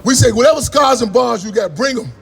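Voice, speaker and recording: A man delivers a fiery political talk in a very high voice. He talks fast and spins rambling, profane stories. The crowd calls back to him as he goes. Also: gravelly, music in the background. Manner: profane, rambling storytelling with call-and-response. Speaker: activist speaker.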